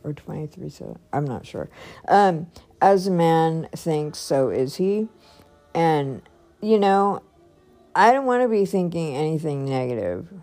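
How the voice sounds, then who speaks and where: A woman's voice: low-pitched, animated, a little slow, mellow, soft background music. A woman talking casually in a personal vlog, chatty and rambling, laughing often. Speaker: vlogger.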